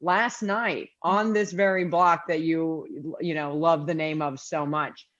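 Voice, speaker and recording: A woman's voice: deep voice, fairly even intonation, slow, a bit bright, no room sound, muffled recording. A woman co-hosting a podcast, chatting casually with wry asides and frequent laughter. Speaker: podcast co-host. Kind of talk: casual chat.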